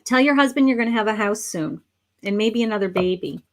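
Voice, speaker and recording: A middle-aged woman hosts a live psychic reading in a soft, mid-range, expressive voice at a brisk pace, with slight background noise. She meanders with many fillers and restarts, calls viewers honey and sweetheart, and sounds a little hoarse as she says she's losing her voice.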